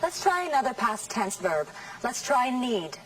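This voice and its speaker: A woman teaching English in a scripted classroom lesson, saying model sentences slowly and carefully. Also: on the high side, sing-song, recorded from a distance, poor audio. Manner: slow, careful, over-articulated model sentences.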